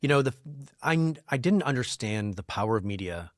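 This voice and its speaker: A man's voice: fairly low pitch, moderate pace, no room sound, studio quality. Chatty man telling anecdotes. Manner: chatty anecdotal storyteller, lively when telling stories. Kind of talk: casual storytelling conversation.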